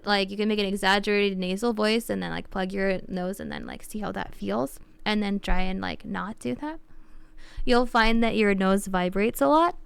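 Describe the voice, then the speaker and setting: Chatty young woman streamer, crisp and dry. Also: medium pitch, no echo. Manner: rambling, heavy use of "like", explains with restarts. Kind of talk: casual live-stream chat, answering viewers.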